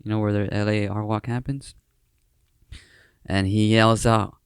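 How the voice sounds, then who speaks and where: Speaking a little slowly with long pauses, a young podcast host from Southern California rambles casually, full of slang, fillers and false starts. His low-ish voice is steady and clean, with no room sound.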